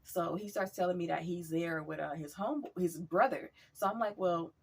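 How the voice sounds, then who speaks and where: Woman vlogger, husky voice, chatty storyteller. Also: fairly low pitch, moderate pace. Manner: chatty, animated retelling with acted quotes. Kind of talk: casual storytelling.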